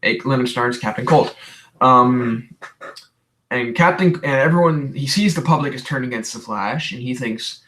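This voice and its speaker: A man's voice: mid-range voice, normal speed, a bit bright. A young man from Canada hosting a livestream, chatting casually and rambling through viewer questions with many restarts, tired today. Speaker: livestream host.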